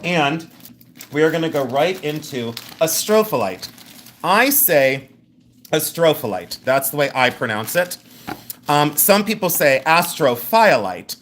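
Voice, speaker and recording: A man's voice: a little high, lively intonation, unhurried, a bit bright, a little hiss or hum. A man hosting a live jewelry sale, chatting casually, joking and laughing as he describes rings and pendants with enthusiasm. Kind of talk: live sales stream chat.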